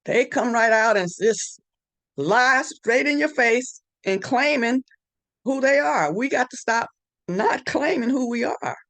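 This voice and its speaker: A woman giving a hesitant, halting exhortation to a faith group, with many fillers. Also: on the high side, animated, fairly bright tone, dry recording. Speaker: group member.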